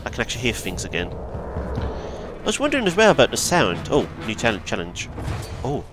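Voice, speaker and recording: A man talks his way through a video game in casual let's play commentary. He is excitable and prone to yelps, and his voice jumps around lively from low to high. Game music plays clearly behind him. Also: normal speed. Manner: excitable, yelps and chatty asides. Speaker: gaming video host.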